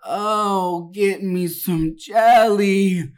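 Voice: mid-range voice, voice pushed up. A podcaster putting on a moaning, strung-out diner woman. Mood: whiny pleading. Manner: moaning, whiny, drawn-out pleading.

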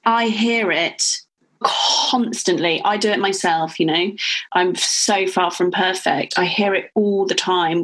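A woman's voice: on the low side, fairly even intonation, slow pace, a bit bright, rough recording. A woman hosting a podcast interview, talking in an engaged, thoughtful way and asking follow-up questions. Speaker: podcast host.

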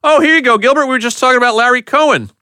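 A man hosting a podcast, chatting casually and reading out TV show titles, names and dates in a quick, animated way. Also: very high-pitched, smooth, no room sound, studio quality. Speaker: podcast host. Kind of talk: casual chat, reading out TV listings.

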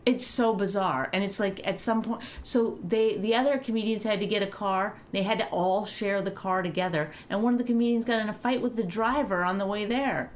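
A woman comedian co-hosting a podcast, chatting casually and telling profane, animated stories. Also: mid-range voice, fairly quick, hardly any pauses. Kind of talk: casual chat.

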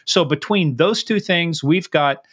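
Guy cohosting a podcast, kinda high voice, jokey fast promo talk. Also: fairly bright tone, breathy edge. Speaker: podcast co-host. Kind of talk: casual podcast chat.

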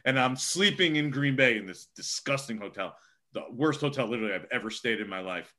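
Sports reporter, male, bright and forceful delivery, casual, filler-heavy storytelling. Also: mid-range voice, animated, brisk. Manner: rambling, lots of fillers.

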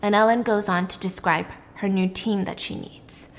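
A young woman recapping a show in a casual, animated, chatty way, acting out the drama as she goes. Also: medium pitch, moderate pace. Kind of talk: casual chat. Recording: long reverb.

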